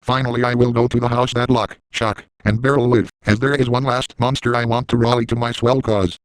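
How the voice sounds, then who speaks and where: A boastful middle-aged villain, voiced by a man, gloats through a first-person comic monologue. His tone is smooth and clean, and the recording is dry and close with no room sound. He stays gleeful and self-satisfied throughout. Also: mid-range voice, level tone, fairly quick, no room sound, close to an everyday voice, rough recording.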